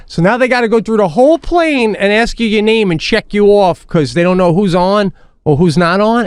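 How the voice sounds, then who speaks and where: A man co-hosting a podcast who tells a casual story with lots of energy, swearing freely and tripping over his restarts. His voice runs somewhat high for a man, and the close studio mic gives a dry sound. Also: fairly quick, clear, resonant tone, no echo. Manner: animated, swearing, restarts mid-sentence. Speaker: podcast co-host.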